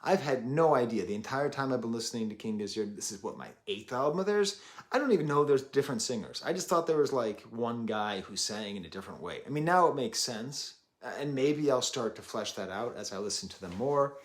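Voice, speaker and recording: A man's voice: mid-range voice, animated, a little fast. A man in his thirties reviewing an album, rambling and self-deprecating with jokey asides. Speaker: music reviewer. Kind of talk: casual chat.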